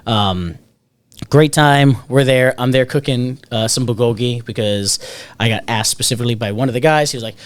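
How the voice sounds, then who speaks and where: A man's voice: mid-range voice, normal speed, smooth, no echo. A man co-hosting a podcast, telling a party story in casual, rambling chat and swearing freely. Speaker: podcast co-host.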